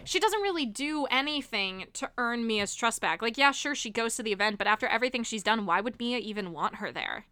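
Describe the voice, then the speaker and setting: Bright, giggly young woman chatting. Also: on the high side, fairly quick, hardly any pauses, clear, resonant tone, dry recording. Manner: giggly, animated, swears casually. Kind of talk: casual chat.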